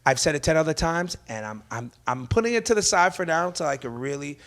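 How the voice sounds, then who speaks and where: A stand-up comedian man with a voice sitting a little higher than most men's. He talks in a loose, meandering way, restarting sentences and swearing casually as he chats about his craft. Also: lively intonation, fast, a bit bright. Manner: rambling and loose, swears freely. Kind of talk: casual podcast chat.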